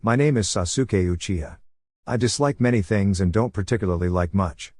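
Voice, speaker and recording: A man's voice: on the low side, a little fast, a little mellow, dry recording, studio quality, close to an everyday voice. A man reading the lines of a cold, serious teenage boy ninja who speaks in a firm, curt tone.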